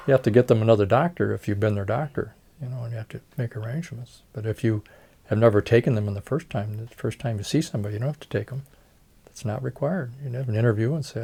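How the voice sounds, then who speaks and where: An older man telling long stories from his career, with the voices of the people he quotes acted out. His pitch sits in an ordinary middle range, and his telling is relaxed and conversational. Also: gravelly, breathy edge. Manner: storytelling, reenacts dialogue, chuckles. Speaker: retired facial plastic surgeon. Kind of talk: oral history interview.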